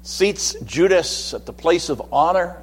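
A man's voice: on the high side, animated, unhurried, breathy edge, long reverb tail. A man preaching a sermon in a conversational way, with asides and acted-out quotes.

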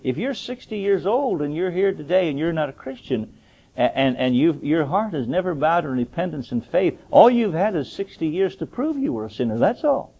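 A man's voice: big pitch swings, normal speed, dark tone, husky. Fervent male preacher, lo-fi sermon tape. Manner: fervent, rhetorical questions, rises to high emphatic peaks. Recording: dull lo-fi sermon recording.

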